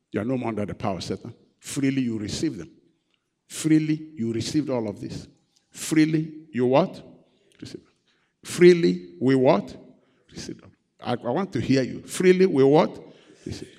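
A man's voice: mid-range voice, gravelly, darkish tone. A male pastor preaching a sermon. He repeats phrases and prompts the congregation to call out answers. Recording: long hall reverb.

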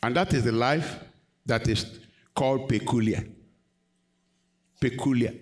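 A man's voice: medium pitch, a little slow. A man preaching a sermon, questioning the congregation and rising to emphatic peaks. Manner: call-and-response, questioning the congregation.

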